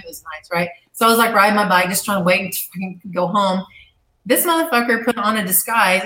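A woman telling a fight story in an interview, blunt and animated with plenty of swearing. Her mid-pitched voice sounds in an echoey room. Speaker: guest.

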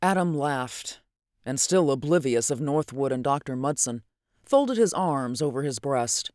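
A narrator reading a novel aloud with an even storytelling cadence. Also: medium pitch, unhurried, no echo, studio quality. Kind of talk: audiobook narration.

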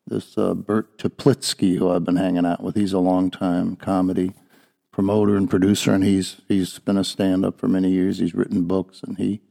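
Gravelly low-voiced man chatting. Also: little pitch movement, moderate pace, warm tone. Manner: chatty, rambling storyteller. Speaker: podcast host. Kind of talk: casual chat.

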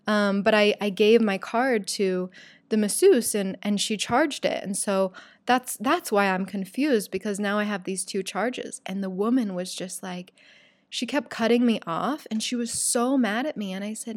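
A young woman talks casually to her listeners, chatty and animated, acting out the voices in her story. Her pitch sits in a middle range. The recording is dry, with no room sound. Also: a little slow, no room sound.

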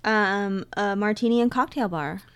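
A woman co-hosting a casual chat, chiming in with dry, deadpan quips. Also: medium pitch, normal speed, clear, resonant tone. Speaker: podcast co-host.

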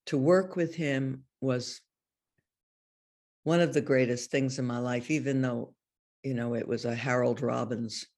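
Older lady swapping stories in an interview, gravelly fry in the voice, chatty, laughs a lot. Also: very deep voice. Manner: chatty, laughing often, many restarts. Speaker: interview guest. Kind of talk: casual anecdotal storytelling.

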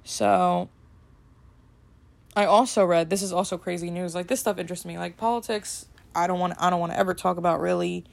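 A woman hosting a casual solo podcast, rambling and chatty with lots of fillers, a little snarky and brisk. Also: on the low side, steady tone, gravelly. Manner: rambling and chatty, full of "like" and "you know"; brisk, slightly snarky delivery. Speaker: podcast host.

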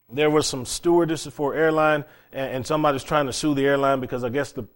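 A man preaching a sermon as pastor, dramatic, swinging between loud declarations and hushed asides, asking the congregation rhetorical questions. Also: medium pitch.

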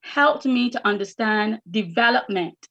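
A woman's voice: a little high, animated, unhurried, gravelly, a bit bright, highs cut off. A woman educator answering interview questions earnestly, often repeating words as she finds them. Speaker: educator and academy founder.

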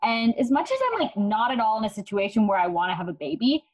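A woman's voice: a little high, animated, fast talker. A young woman co-hosting a podcast, chatting casually and laughing easily. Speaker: podcast co-host. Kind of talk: casual chat. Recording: slightly dull lo-fi audio.

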